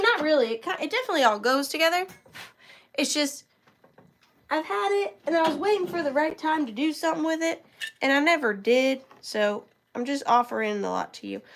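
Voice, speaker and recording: Gravelly woman with a sore throat. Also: high-pitched, lively intonation, a little fast. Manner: chatty, greets viewers by name while showing items. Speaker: online reseller hosting a live auction. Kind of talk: live-stream selling chat.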